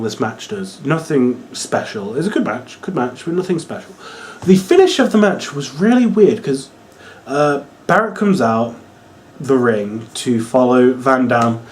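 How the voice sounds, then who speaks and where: A young man from England with a Norwich accent, rambling excitedly and swearing as he reviews a wrestling show. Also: mid-range voice. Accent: Norwich English. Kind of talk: casual video review.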